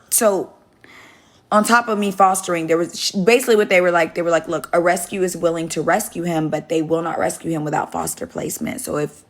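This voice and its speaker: A young woman telling a rambling, candid story to her viewers on a phone live stream, swearing freely. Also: lowish voice. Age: young adult.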